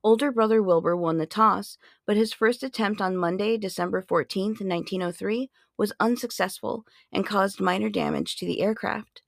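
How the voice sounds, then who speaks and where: In a clean, echo-free studio recording, a woman in her forties hosts a podcast, rattling off history facts in a playful, chatty style peppered with sarcastic asides. Her mid-range voice is creaky, moves at a normal speed, and barely pauses.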